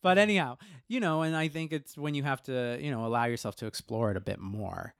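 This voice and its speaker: A man co-hosting a casual podcast, animated and playful, often acting out little quotes. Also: mid-range voice, fairly quick, dry recording, clean studio sound. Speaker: podcast co-host. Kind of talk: casual podcast chat about astrology.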